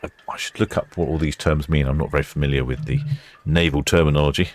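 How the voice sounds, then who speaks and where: A man's voice: very deep voice, fairly even intonation, quick pace. A man hosting a live stream, giving casual, rambling commentary and correcting himself as he goes. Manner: chatty, rambling, self-correcting.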